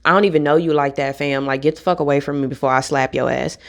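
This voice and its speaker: A woman's voice: low voice, fairly even intonation, fast talker. A young adult woman vlogging to camera in a casual rant, blunt and profane.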